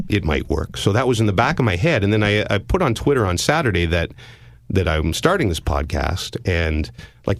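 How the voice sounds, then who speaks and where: A man's voice: low voice, creaky, no echo, clean studio sound. A middle-aged Canadian man, a podcast host and sportscaster, telling a story in casual, self-deprecating chat.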